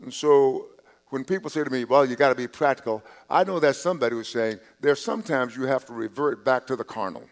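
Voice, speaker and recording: A pastor delivers a brisk sermon from the pulpit in a mid-pitched voice, talking conversationally to the congregation with repeated words and restarted phrases. He slips into quiet asides, then raises his voice on the points he wants to stress.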